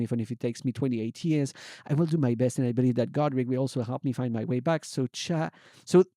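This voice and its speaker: A young man streamer reading fan fiction aloud as a comic dramatic reading, swinging between hushed and loud. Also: mid-range voice, dry recording, studio quality.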